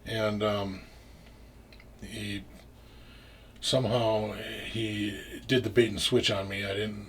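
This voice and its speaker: A man's voice: on the low side, a bit bright, slight background noise. A man telling a story in casual talk, rambling with restarts and frequent swearing. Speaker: interview guest.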